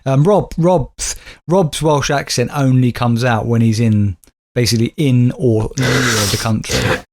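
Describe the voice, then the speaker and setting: A man's voice: medium pitch, a little slow, a little mellow. Guy cohosting a podcast, cracking jokes, keeps butting in. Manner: joking, interjecting with quips. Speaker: podcast co-host. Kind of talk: casual chat.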